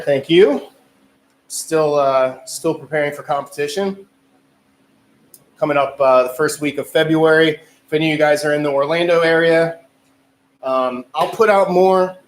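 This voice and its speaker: A man chatting loosely on a livestream as a strength athlete, rambling and swearing, with lots of filler words. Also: on the high side. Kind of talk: casual livestream chat. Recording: echoey room with faint noise.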